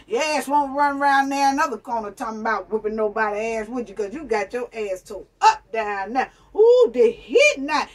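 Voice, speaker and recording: Woman from New York, blunt profane rant, husky voice recorded from a distance. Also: on the high side. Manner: blunt, profane, preachy, addresses viewers as family and honey. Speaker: commentary vlogger. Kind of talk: ranting commentary.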